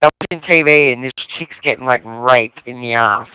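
A man of ordinary pitch rambles and cracks crude jokes into a game headset. He laughs at his own lines as he talks. Gunfire and explosions from the game sound loud behind him. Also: brisk. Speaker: online game player. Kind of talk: crude voice chat banter. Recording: noisy online game chat with gunfire.

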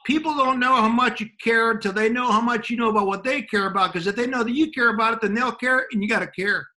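A man's voice: extremely high pitch, fast talker, sharp tone, pitched above the performer's own voice, full character voice. A man voicing a bumbling male football coach who garbles quotes, in an exaggerated put-on Southern accent. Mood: earnest. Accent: bad put-on Southern American. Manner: earnest, rambling, quotes garbled.

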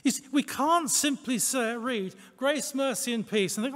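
A man's voice: very high voice, moderate pace, hardly any pauses, a bit bright. A man preaching a sermon in a conversational way, with rhetorical questions and self-deprecating asides. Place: church. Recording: long church reverb.

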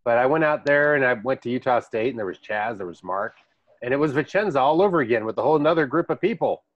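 A man's voice: mid-range voice, animated, fast talker, no echo. A man hosting a podcast in casual chat, rambling through stories and laughing often. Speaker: podcast host. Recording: dull dry lo-fi recording.

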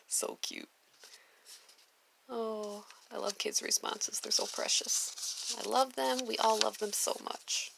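Gravelly-voiced former preschool teacher. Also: female voice, a little high, fairly even intonation, a little slow, slight background noise, low-quality recording. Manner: gushing, with soft whispered asides. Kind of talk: casual chat reading notes aloud.

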